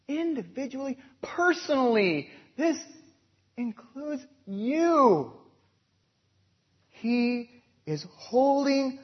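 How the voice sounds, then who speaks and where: A man preaching a sermon and leading a prayer, slow and emphatic, swelling loud and then dropping soft. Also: high-pitched, slightly rough, dull audio. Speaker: pastor.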